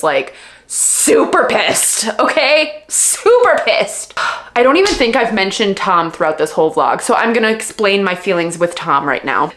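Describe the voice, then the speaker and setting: A woman book vlogger in a casual, animated rant, exasperated and emphatic, repeating words for effect. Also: mid-range voice. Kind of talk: casual reading vlog rant. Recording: echoey room with faint music.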